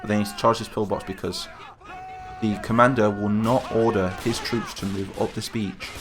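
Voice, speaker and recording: A man hosting casual, chatty game commentary, getting excited and calling out to the troops as he plays. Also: on the low side, normal speed, over music. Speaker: gaming channel host. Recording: game gunfire and explosions behind voice.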